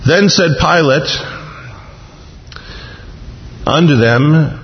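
A man preaching an expository sermon, acting out the voices of the people in the text with sudden jumps in pitch. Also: lively intonation, moderate pace. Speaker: pastor. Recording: muffled sound in a reverberant hall.

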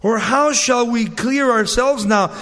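A man voicing a humbled brother pleading softly and submissively before a ruler, read within a sermon. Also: very high voice, unhurried, full character voice. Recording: long reverb.

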